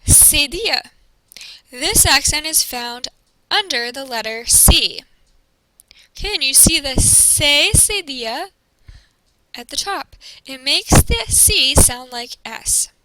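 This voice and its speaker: High bright woman teaching clearly. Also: lively intonation, dry recording, low-quality recording. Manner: slow, careful explanation with modeled pronunciations. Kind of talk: recorded classroom presentation.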